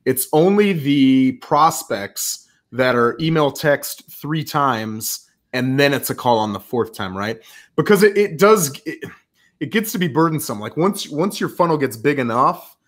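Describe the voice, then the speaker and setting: A man speaking as a podcast guest, a real estate agent explaining his follow-up routine in an energetic, rambling way. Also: medium pitch, measured pace. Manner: energetic, rambling, acts out quoted calls. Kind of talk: conversational interview.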